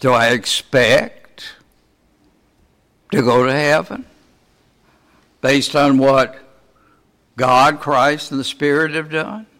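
Slow, questioning male preacher. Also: medium pitch, fairly bright tone. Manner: asks the congregation many rhetorical questions; slow, deliberate delivery. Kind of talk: sermon.

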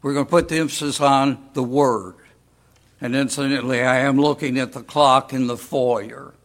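A man preaching a sermon as pastor, deliberate and full of rhetorical questions to the congregation. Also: medium pitch, steady tone.

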